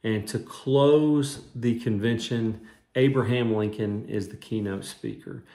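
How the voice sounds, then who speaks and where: A man's voice: mid-range voice, slow pace, dark tone. A man who is a minister, giving a short devotional sermon in an earnest, conversational way and weaving in scripture quotes. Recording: roomy echo.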